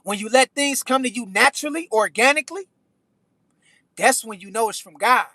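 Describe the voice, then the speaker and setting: Man, high pitch, bright tone, dry close sound, slangy preachy livestream chat. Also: normal speed, no room sound. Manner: slangy, preachy life advice, repeats phrases. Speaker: livestream host reading chat. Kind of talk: casual chat.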